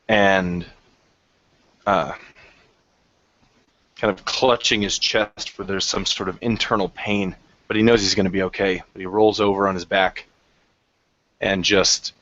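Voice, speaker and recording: Man, tabletop player, lowish voice, descriptive narration, muffled lo-fi recording. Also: bright, forceful tone, no room sound. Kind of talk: tabletop role-play narration. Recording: dull lo-fi recording.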